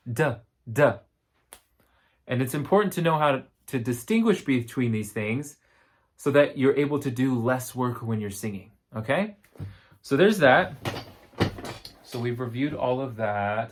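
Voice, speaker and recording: A man with a tired voice giving a recorded singing lesson, explaining step by step and singing short demo words. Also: mid-range voice. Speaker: voice teacher.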